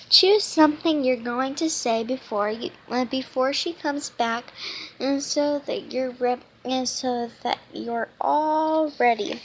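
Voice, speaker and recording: Give me a woman reading a storybook slowly, stumbling and restarting lines. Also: high voice. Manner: halting, with frequent restarts and stumbles. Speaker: children's book reader.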